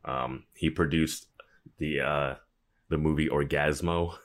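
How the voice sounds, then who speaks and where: A man's voice: extremely low pitch, steady tone, takes it slowly. A man from the US East Coast co-hosting a podcast, chatting casually in a rambling way, with lots of fillers. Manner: rambling, filler-heavy, laughs easily. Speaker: podcast co-host. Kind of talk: casual chat.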